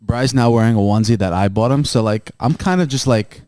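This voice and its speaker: A man's voice: mid-range voice, brisk, darkish tone, smooth, no echo. A man co-hosting a podcast, teasing his friends and laughing often. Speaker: podcast co-host. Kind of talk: casual banter.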